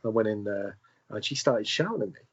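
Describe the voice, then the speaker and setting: Husky, muffled man telling his story. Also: lowish voice, animated. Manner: halting, with many restarts and repeated words. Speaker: podcast guest. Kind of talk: conversational storytelling.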